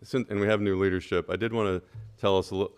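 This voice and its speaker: Animated man telling a story. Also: deep voice, fast, smooth. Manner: animated storyteller, repeats "right?". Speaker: school board member. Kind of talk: meeting remarks and anecdote. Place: board meeting room.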